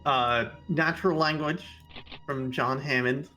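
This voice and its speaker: A man's voice: on the high side, unhurried, bright, forceful tone, soft background music. A man doing casual game commentary, chatty, explaining the play and laughing easily.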